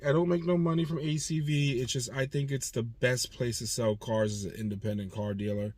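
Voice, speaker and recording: A man's voice: mid-range voice, fairly even intonation, fairly quick, few pauses, a little mellow, no room sound. A man in his forties, a used car dealer hosting his own channel, rambling in a casual, profane, streetwise way. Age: 40s. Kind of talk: casual vlog monologue.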